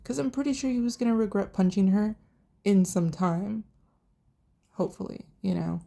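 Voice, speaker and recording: A woman's voice: medium pitch, normal speed, gravelly. A young woman casually recapping a TV show in a chatty, profane way, acting out what the characters said. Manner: chatty, profane, animated retelling with quoted voices. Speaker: TV reviewer.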